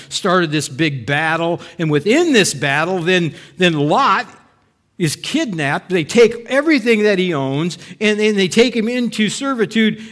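A middle-aged man preaching a sermon, animated, acting out people's doubts and asking the congregation rhetorical questions. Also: on the high side. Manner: animated, voices the doubts of biblical figures, rhetorical questions to listeners. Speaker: pastor.

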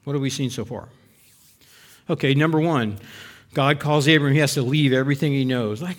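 A middle-aged man preaching a sermon, animated, acting out people's doubts and asking the congregation rhetorical questions. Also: mid-range voice, fairly quick, pauses often. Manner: animated, voices the doubts of biblical figures, rhetorical questions to listeners. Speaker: pastor.

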